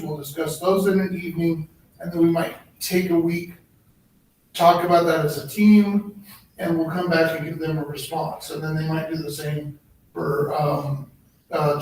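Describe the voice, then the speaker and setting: A man presenting at a board meeting, halting with many ums and restarts, his voice a little worn. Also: fairly high pitch, a little mellow. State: slightly losing his voice. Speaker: human resources director. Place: public board meeting room. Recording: echoey room, distant mic, faint noise.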